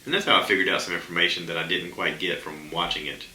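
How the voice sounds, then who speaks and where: A very low, deep-voiced man chatting loosely on his solo podcast, circling back and stacking "um"s as he goes. His tone is strikingly bright and forceful despite the low pitch. The room around him is echoey, with a faint hiss of ambience. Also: fairly even intonation, quick pace. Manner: rambling, chatty, many fillers. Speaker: podcast host. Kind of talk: casual solo podcast chat.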